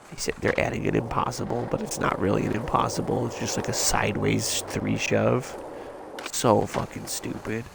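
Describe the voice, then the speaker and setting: A man streams over a headset, his voice deeply gravelly and congested from a cold. He rambles in a frustrated, foul-mouthed rant. Steady background noise sits under his voice. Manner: rambling, frustrated, swears freely. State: stuffed up, just woke up. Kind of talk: casual gaming stream rant.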